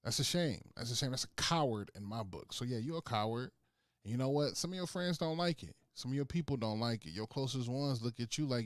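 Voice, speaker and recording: A man's voice: mid-range voice, lively intonation, a little fast, no room sound, clean studio sound. A man co-hosting a podcast, speaking in an impassioned way and repeating phrases for emphasis. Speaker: podcast co-host. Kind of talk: casual chat.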